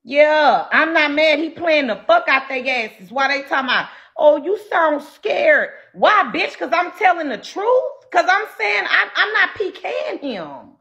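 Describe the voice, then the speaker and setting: A combative woman livestreamer tears into her chat in a loud, profane rant. Her voice sits high and sounds bright and sharp. Her pitch swoops all over the place as she talks. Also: very animated, normal speed, hardly any pauses, highs cut off. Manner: brash and profane. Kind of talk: ranting to live chat.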